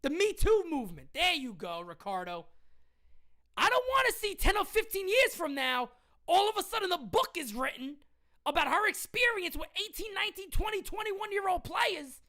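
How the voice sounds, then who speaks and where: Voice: extremely high pitch, sing-song, moderate pace, sharp tone. A woman hosting a live-stream sports commentary show, emphatic and argumentative as she answers comments from her chat. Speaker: host.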